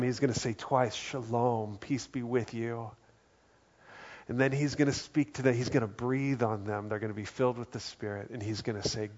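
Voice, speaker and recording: A man preaching a sermon as pastor, earnest, dropping to a hushed voice for quoted lines. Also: medium pitch, muffled recording. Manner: earnest, drops to soft quiet tones for quoted words.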